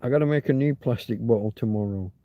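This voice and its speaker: A man's voice: medium pitch, fast talker, no echo, phone-quality sound. A man hosting a rambling, casual livestream, musing aloud and swearing now and then. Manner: chatty, swears, muses aloud while reading. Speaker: livestream host. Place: home, Torrevieja.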